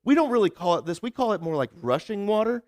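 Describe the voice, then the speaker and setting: High-voiced, chatty young male preacher. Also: very animated, fast talker, darkish tone, dry recording, clean studio sound. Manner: chatty storyteller, many repeated "like" and restarts. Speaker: pastor. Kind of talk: casual conversational sermon.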